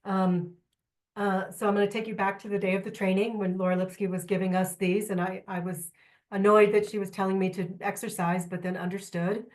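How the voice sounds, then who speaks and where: A woman trainer giving a lively, candid workshop talk to a live audience, with joking asides and questions to the room. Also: medium pitch, a little fast. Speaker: trainer presenting at a symposium.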